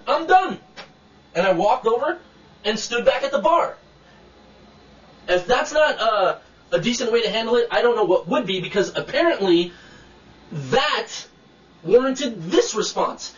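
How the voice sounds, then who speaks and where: Indignant man with a high voice venting to camera, swearing, in a roomy room with the mic set away. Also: fairly bright tone, far from the mic, lo-fi sound. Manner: indignant, blunt, swears freely. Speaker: vlogger telling a personal complaint. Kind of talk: casual video rant to camera.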